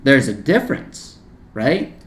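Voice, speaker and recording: Young man, podcast co-host, sarcastic storyteller, lively pitch, echoey room. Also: measured pace. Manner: sarcastic, loud mocking heckler voices in stories, swearing. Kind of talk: casual chat, storytelling. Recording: roomy echo.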